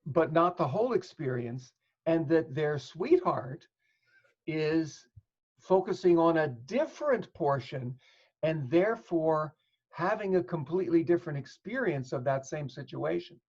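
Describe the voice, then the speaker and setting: A man's voice: on the high side, animated, unhurried, husky. A male psychotherapist in an interview, explaining ideas thoughtfully and working through examples. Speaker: psychotherapist guest. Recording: dull lo-fi audio.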